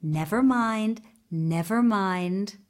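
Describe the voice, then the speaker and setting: A woman voicing a gentle, wise little male horse who speaks slowly and soothingly in a storybook reading. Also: mid-range voice. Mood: reassuring. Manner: soothing, slow and reassuring.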